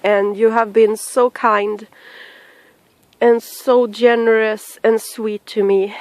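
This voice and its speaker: A tearful woman speaking haltingly to her podcast listeners from home, sighing and restarting as she talks. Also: a little high, level tone, a little mellow, dry recording. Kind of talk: personal message to camera.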